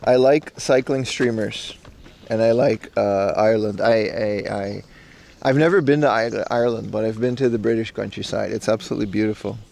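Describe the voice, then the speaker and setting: A man's voice: on the low side, steady tone, normal speed, creaky, a little mellow. A man streaming live from a park, chatting casually and reading out chat with loose, slangy rambling. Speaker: IRL streamer. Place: outdoors in a park in Japan.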